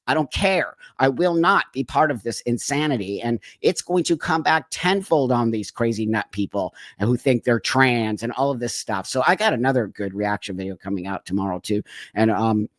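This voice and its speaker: A man's voice: medium pitch, normal speed, fairly bright tone, no echo, clean studio sound. A man hosting his own channel, talking casually to viewers in a fired-up, rambling way with many restarts. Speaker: channel host. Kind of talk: casual commentary vlog. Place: Los Angeles.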